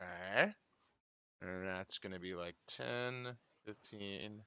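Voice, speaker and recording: A man's voice: sits low, slow pace, sharp tone, smooth, no room sound. A man playing a tabletop game over a video call, chatting casually and thinking aloud about his moves. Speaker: player. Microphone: video call mic.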